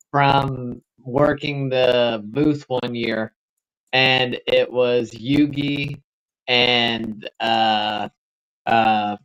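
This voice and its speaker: Gaming while he chats, a livestream co-host shares meandering anecdotes and offers recommendations cautiously. His medium-pitched voice is smooth and a bit bright, though the audio is dull.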